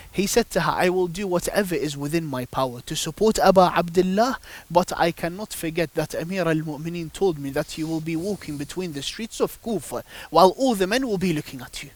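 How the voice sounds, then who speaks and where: Recorded with no echo, this man's voice is a little high. He is a guest on a religious panel, emphatically telling devotional stories and posing rhetorical questions in a religious discussion told through stories.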